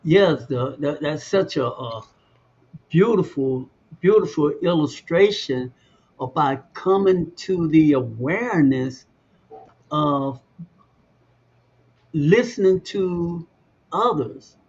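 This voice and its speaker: A man hosting a talk show, speaking in a slow, halting, reflective way. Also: fairly high pitch, lively intonation, a little mellow, slightly rough, muffled recording. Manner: slow, halting, searching for words. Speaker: host.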